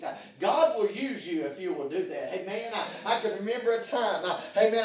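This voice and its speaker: Man, high-pitched preacher, loose and folksy, hushed to shouted, roomy sound from off mic. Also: animated, normal speed, few pauses, distant mic. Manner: preaching with big swings in volume, from hushed to shouting; fillers like "hey, man" and "uh". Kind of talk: sermon. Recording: echoey room, voice from off mic.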